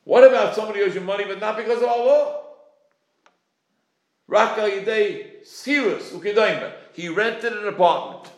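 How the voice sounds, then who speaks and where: A man's voice: high-pitched, moderate pace, long pauses. A man in his forties teaching a Talmud class, acting out creditor and debtor exchanges. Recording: echoey room.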